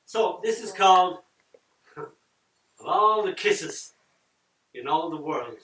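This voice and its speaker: An older man reading his poems at a launch, dramatic, swinging from loud lines down to near-whispers. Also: high-pitched, lively intonation, takes it slowly. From Ireland. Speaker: poet. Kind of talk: live poetry reading with chat. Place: event room at a book launch. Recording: roomy echo from far off.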